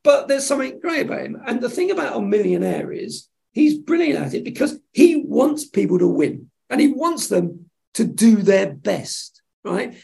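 A man, a television executive, telling lively anecdotes in an interview and acting out the dialogue. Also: very high voice, creaky. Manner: animated storyteller acting out dialogue. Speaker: television executive, podcast guest.

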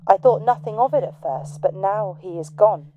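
A woman's voice: medium pitch, animated, normal speed, highs cut off, a little hiss or hum, lightly acted. A woman reading as a frantic grieving parent. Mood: desperate. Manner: loud, pleading and urgent. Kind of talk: reading an old journal aloud.

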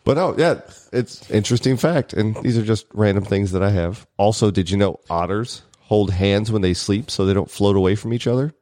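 A young man co-hosts a podcast in loose, joking banter, rambling through odd facts and laughing often. His voice sits low. The sound is dry and close, with no room around it. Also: fairly quick, few pauses, warm tone, dry recording. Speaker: podcast co-host.

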